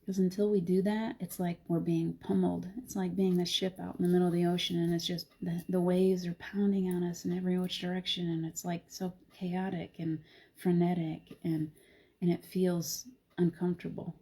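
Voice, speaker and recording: Soft-spoken reflective woman, husky mellow voice. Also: lowish voice, little pitch movement, normal speed. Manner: gentle, reflective, soft-spoken with frequent laughs. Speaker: host of a live spiritual talk show. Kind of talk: casual live-stream chat.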